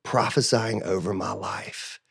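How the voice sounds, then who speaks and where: A man's voice: on the low side, measured pace, creaky, husky. Earnest man telling a story animatedly. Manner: animated storyteller who acts out other people's lines; earnest and emotional, frequent restarts. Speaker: interview guest. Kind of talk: personal storytelling in conversation.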